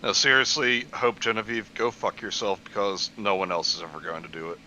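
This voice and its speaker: A young man joking around with a friend, mocking and animated in casual comedic banter. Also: on the low side, fairly quick, muffled recording, slight background noise. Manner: animated, mocking, does funny voices. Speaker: co-host friend reacting.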